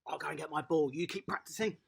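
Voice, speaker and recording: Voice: medium pitch, quick pace, creaky, noisy background. An upbeat adult tennis coach, running an online class for small children and cheering them on by name.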